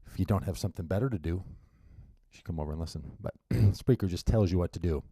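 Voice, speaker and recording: A low-voiced man hosts a radio show by himself, talking into a studio mic. His tone is mellow and relaxed, and he rambles casually with wry little asides. The sound is dry and close. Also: fast talker, breathy edge, no echo. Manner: chatty and rambling, with wry asides and frequent restarts. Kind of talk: casual solo radio monologue.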